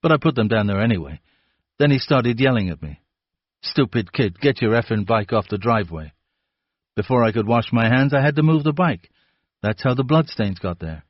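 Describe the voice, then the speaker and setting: Mocking teenage boy suspect, put on by a male audiobook reader, higher than his own voice, dull dry sound. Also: expressive, normal speed, no echo, close to an everyday voice. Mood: scheming. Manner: sneering, mocking.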